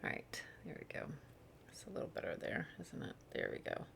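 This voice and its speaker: A woman giving a casual spiritual card reading, rambling and soft-spoken, sometimes slipping into whispers. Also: brisk, a little hiss or hum. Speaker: spiritual reader. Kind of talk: casual channeled tarot reading.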